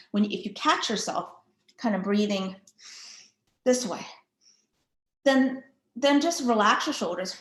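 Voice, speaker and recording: A woman's voice: mid-range voice, a bit bright. A woman physical therapist giving a casual talk on breathing, chatty and full of filler words as she guides listeners through an exercise. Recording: roomy echo.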